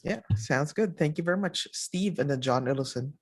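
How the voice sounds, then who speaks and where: Host, male, brisk tech cues, a bit gravelly, higher side. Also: animated, no echo, studio quality. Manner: brisk technical directions. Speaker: host running audio checks. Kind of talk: casual live call chat.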